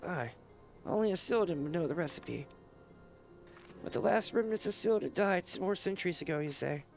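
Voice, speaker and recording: A man's voice: sits high, lively intonation, normal speed, creaky, muffled recording, faint music behind, voice pushed up. A man voicing a fierce, superstitious old mother grieving her son, in a theatrical rustic old-woman manner while reading game dialogue aloud. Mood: sly.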